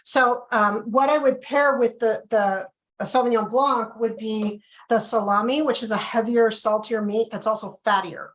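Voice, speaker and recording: Lady doing a wine tasting on a video call, kinda high voice, lots of ums, chatty. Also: steady tone, moderate pace, rough recording. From Canada. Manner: chatty, filler-heavy explaining. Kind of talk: casual live tasting talk.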